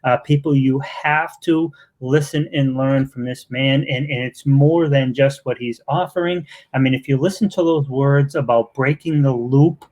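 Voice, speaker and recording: A man's voice: medium pitch, moderate pace, few pauses, darkish tone. A man with a Boston accent hosting a live interview, talking in an effusive, rambling way with lots of fillers. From Massachusetts. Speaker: interview host. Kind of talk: casual live interview chat.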